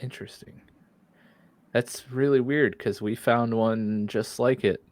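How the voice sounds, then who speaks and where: A man's voice: medium pitch, steady tone, measured pace, no echo. A man playing a tabletop game, talking casually with lots of fillers and searching for words. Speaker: player. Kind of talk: casual chat.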